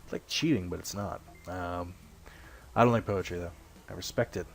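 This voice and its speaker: A young man casually commenting while playing a video game, rambling and self-deprecating, swearing now and then and often clearing his throat. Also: low voice, normal speed, slight background noise. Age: young adult. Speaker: let's play host.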